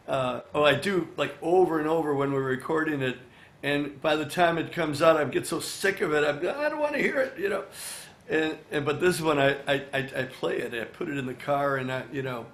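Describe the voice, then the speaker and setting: An older man in a casual interview, sounding a touch higher than most men. He talks in a chatty, animated way, acting out snippets of dialogue. His voice carries the roomy echo of his studio. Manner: chatty, animated, acts out quoted dialogue, many "you know" fillers. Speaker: songwriter and musician, interview guest.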